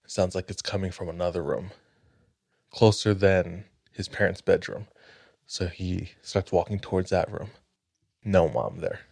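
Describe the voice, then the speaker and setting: A man hosting a podcast, telling a spooky story in a measured, suspenseful way. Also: low-pitched, gravelly, darkish tone, slightly rough, dry recording, studio quality. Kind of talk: casual storytelling.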